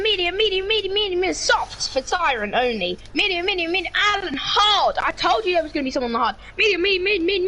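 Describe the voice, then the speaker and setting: A woman co-commentating a sim race live, excitable, cheering drivers on and gasping at close finishes. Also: very high-pitched, slight background noise.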